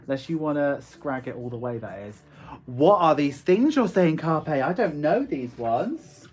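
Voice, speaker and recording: A man's voice: a little high, sing-song, unhurried, darkish tone, slightly rough. A man with a West Country accent chatting casually on a live stream as an online shop owner, reading viewer comments aloud and laughing often. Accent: West Country English.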